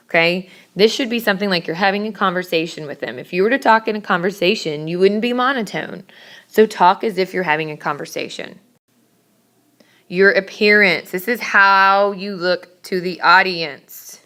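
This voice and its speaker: A woman teacher giving a brisk, emphatic classroom lecture on public speaking, scolding her students now and then. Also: lowish voice, pushed and bright, smooth.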